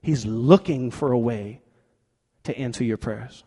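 A man's voice: medium pitch, a little slow, warm tone. A man preaching a sermon, telling a story with energy and acting out quoted voices. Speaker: pastor. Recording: long hall reverb.

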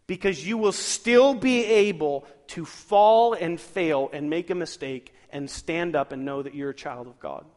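A male pastor preaching a sermon, lively and chuckling as he asks the congregation questions. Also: on the high side, measured pace, hardly any pauses. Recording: long hall reverb.

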